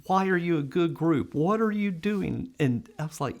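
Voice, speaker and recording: Middle-aged man, fairly high voice, lively storyteller in a sit-down interview. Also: normal speed, few pauses. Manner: animated storyteller, acts out quoted voices, laughs often.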